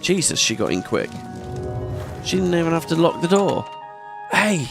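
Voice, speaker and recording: Lively, excitable male let's play host; chatty gameplay commentary, faint game music behind. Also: fairly high pitch, moderate pace, creaky. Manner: chatty, excitable, swears often.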